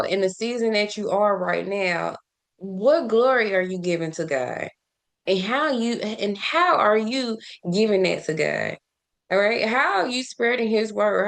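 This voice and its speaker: A woman's voice: mid-range voice, creaky. A woman talking casually about faith, asking listeners rhetorical questions, laughing often and often restarting her sentences. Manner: repeats words and restarts often. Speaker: faith and self-care vlogger. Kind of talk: casual spoken devotional.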